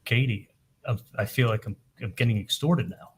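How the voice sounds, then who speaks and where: A man testifying in court, telling events in a halting way, often repeating words and retelling what was said with "I'm like". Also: mid-range voice, husky. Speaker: trial witness testifying.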